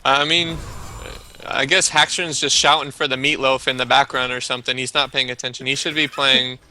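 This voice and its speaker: Chill guy doing color commentary on an esports game, really bright tense tone, dry jokes. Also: medium pitch, level tone, a little fast. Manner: laid-back, dry, teasing. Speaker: esports co-caster. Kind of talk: live game analysis.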